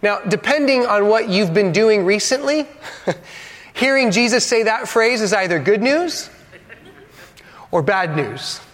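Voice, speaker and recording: A man, a pastor, preaching a sermon with dramatic pauses, acting out the quotes and adding joking asides to the congregation. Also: high voice, animated, a bit bright. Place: church hall. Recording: long reverb of a large hall.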